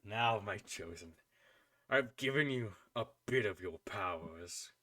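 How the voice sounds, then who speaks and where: A man voicing a commanding unseen spirit speaking into a character's head, solemn and slow. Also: lowish voice, expressive, bright, forceful tone, no room sound, far from the mic, pitched below the performer's own voice.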